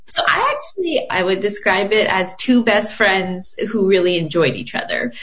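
A woman's voice: medium pitch, very animated, moderate pace, fairly bright tone, lo-fi sound. A woman guest in an interview, a podcaster and relationship coach talking earnestly and expressively. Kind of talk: conversational interview.

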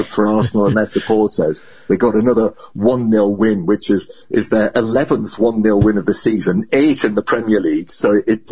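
A man speaking as a football correspondent in a live news interview, measured and given to restarting his sentences. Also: fairly low pitch, a little mellow, slightly rough, muffled recording.

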